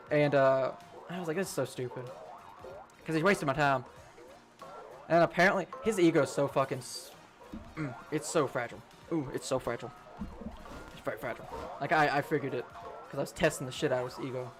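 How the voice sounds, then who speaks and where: A man's voice: medium pitch, fairly even intonation, fast talker, pauses often, soft background music. A young man streaming a game, telling a rambling work story casually, swearing and laughing often. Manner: rambling, profane, laughs a lot. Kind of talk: casual storytelling while gaming.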